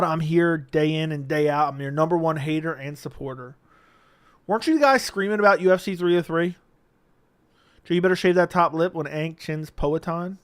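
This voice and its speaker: This fairly high-pitched man hosts a casual MMA livestream, reading viewer messages, joking with his chat, and laughing often. There is no echo on his voice.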